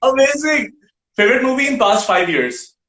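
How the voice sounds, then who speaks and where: A male talk show host firing off quick questions in a brisk, teasing way. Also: extremely high pitch, animated, a bit bright, echoey room. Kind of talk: quick-fire interview questions.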